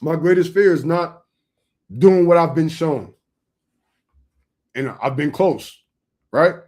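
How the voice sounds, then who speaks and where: A man's voice: a little high, slow pace, a little mellow. A young adult man preaching informally to camera, emphatic and streetwise, with lots of repetition.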